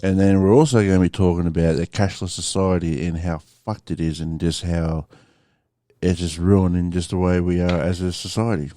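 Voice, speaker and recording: A man's voice: sits low, steady tone, normal speed, dark tone, no echo, clean studio sound. A man co-hosting a podcast, chatting in a laid-back way and swearing freely. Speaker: podcast co-host. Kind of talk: casual podcast chat.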